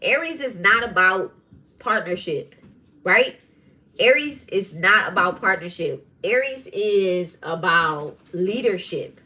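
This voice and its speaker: Animated woman with a bright, forceful voice. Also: medium pitch, slow. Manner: animated, swears freely, restarts often. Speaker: podcast host and tarot reader. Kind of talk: casual storytelling monologue.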